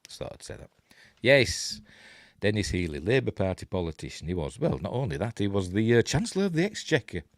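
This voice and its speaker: A man's voice: on the low side, very animated, brisk, dry recording, studio quality. A middle-aged man with a Yorkshire accent hosting a rambling, chuckling film breakdown, going off on tangents as he talks. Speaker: film review host. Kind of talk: casual film commentary.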